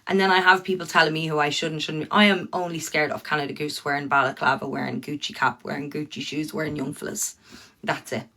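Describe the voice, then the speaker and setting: A woman's voice: low-pitched, flat delivery, fast, bright, forceful tone. An Irish woman ranting bluntly to her viewers on a livestream, swearing freely and talking straight to them.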